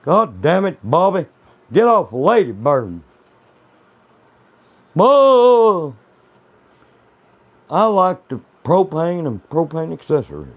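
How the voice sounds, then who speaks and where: A man's voice: a little high, sing-song, measured pace, highs cut off, voice pushed up, exaggerated voice. A man putting on the voice of an uptight middle-aged cartoon Texan dad, scolding in an exasperated drawl.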